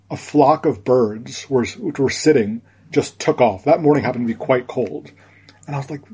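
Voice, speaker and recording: A man guest on a podcast, telling a reflective story in a halting way, with many restarts. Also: medium pitch, warm tone, breathy edge.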